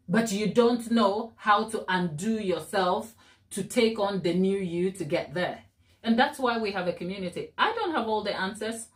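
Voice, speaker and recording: A woman hosting a baking live stream, chatting warmly and encouragingly with her viewers and laughing often. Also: lowish voice. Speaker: cake baking channel host.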